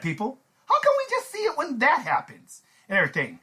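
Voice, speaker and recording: A man hosting his own vlog, delivering a sarcastic, animated rant of commentary. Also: very high-pitched, brisk, husky. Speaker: channel host.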